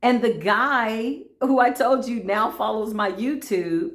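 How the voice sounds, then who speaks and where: A woman's voice: a little high, slow pace. Woman giving spiritual talk in echoey room. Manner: animated storytelling, acts out voices, laughs often. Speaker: spiritual reader.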